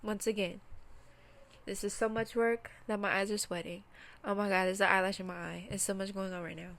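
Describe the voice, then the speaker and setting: A woman's voice: mid-range voice, steady tone, fairly quick, creaky, fairly bright tone. A woman speaking candidly to camera about personal grief, close to tears as she works through her feelings. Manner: candid, emotional, talks to herself and viewers. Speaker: self-reflection vlogger. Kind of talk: unscripted personal reflection.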